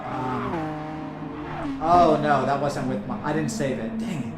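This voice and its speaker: A man's voice: fairly high pitch, fairly even intonation, slow. A man streaming a racing game, chatting casually to viewers and leaning hard on likes and you-knows. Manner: chatty, talks straight to chat, many likes and you-knows. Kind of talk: casual live-stream commentary. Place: home room with racing rig. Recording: roomy sound over game music and engine noise.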